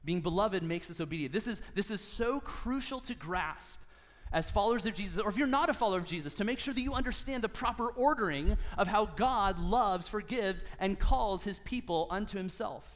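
A man's voice: sits high, lively intonation, a little fast, big-room sound. A man in his thirties preaching a sermon, earnest and teaching, with touches of light humor. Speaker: pastor.

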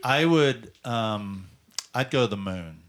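A man's voice: mid-range voice, expressive, slow pace, a crowd in the background. A man on a group podcast, repeating himself and stumbling over his words. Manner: repetitive, stumbling. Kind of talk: casual group chat.

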